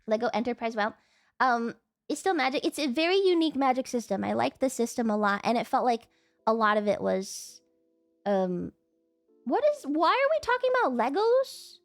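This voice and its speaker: A woman streamer in casual live-stream chat, excitable and chatty, sometimes swearing at her chat over a desk mic. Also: a little high, moderate pace, dry recording, faint music behind.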